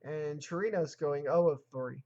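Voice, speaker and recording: A man's voice: on the high side, normal speed, mellow, highs cut off. A man hosting his own sports show, reading game statistics in clipped lists and then giving emphatic opinions. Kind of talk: solo sports commentary livestream.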